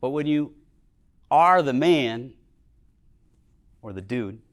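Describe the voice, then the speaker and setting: A middle-aged man from Minnesota giving a talk as a business owner, telling earnest stories in a motivational speech, his voice dropping low and quiet at emotional moments. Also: animated, slow. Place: lecture hall with audience.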